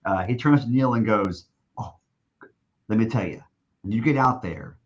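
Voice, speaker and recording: On a podcast interview, a stadium announcer rambles through a lengthy anecdote, frequently starting over and acting out what people said. The sound is lo-fi, and his voice, on the low side, moves at a normal speed.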